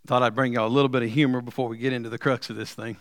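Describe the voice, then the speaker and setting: A middle-aged man preaching a sermon, telling stories with humor and building to loud, emphatic points. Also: medium pitch, flat delivery, rapid-fire, no echo. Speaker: pastor.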